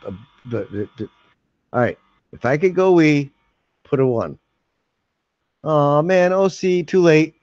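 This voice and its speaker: A man's voice: a little high, lively intonation, measured pace, long pauses, darkish tone, no echo. A man hosting a casual late-night livestream from home, rambling, joking and laughing often. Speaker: livestream host. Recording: dull dry home mic.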